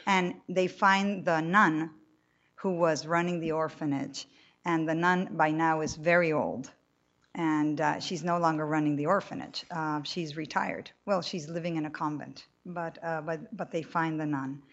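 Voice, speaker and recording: A woman reading a novel aloud in a measured storytelling manner. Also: deep voice, steady tone, a bit bright, muffled recording. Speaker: reader.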